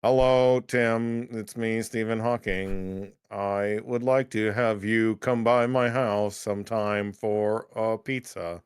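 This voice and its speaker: A man doing a celebrity impression in a slow, mechanical robot-like voice. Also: lowish voice, clear, resonant tone. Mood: deadpan. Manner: slow, flat, mechanical delivery. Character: robotic synthesized-voice impression of a scientist.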